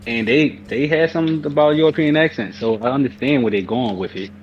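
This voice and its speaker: A man's voice: medium pitch, fairly quick. A man co-hosts a laid-back podcast and speaks informally, with loose grammar. His mic sounds a bit dull and lo-fi, with a faint hiss underneath. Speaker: podcast co-host. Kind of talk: casual chat.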